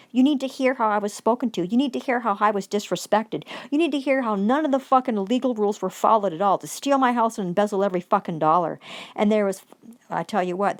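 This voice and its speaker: Woman, heated accusatory rant, heavy swearing, reads legal demands aloud. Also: medium pitch. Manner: reads out formal demands between outbursts. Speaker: vlogger. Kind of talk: angry profane rant.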